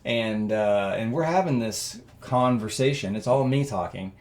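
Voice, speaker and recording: A man's voice: mid-range voice, measured pace. Earnest man rambling through a personal story. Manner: earnest, rambling, with many fillers and restarts; grows loud and animated when telling emotional parts. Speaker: interview guest.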